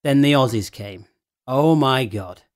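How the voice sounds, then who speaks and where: A middle-aged man talks about his wine business in a lively, story-telling way, breaking into laughter often. His voice sits in a middle pitch and is recorded dry and close. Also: unhurried, dry recording. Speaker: wine shop owner. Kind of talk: casual chat.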